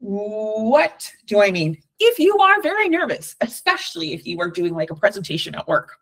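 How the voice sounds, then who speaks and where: A woman's voice: mid-range voice, big pitch swings, moderate pace, fairly bright tone. A woman from Southern California with a Valley Girl accent, giving an encouraging, chatty workshop talk with frequent ums. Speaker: workshop speaker.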